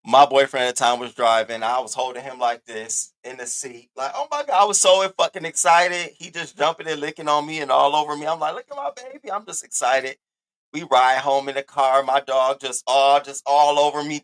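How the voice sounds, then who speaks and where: A man hosting a commentary channel, chatting casually, loud and profane, talking straight to his viewers. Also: on the high side, no echo.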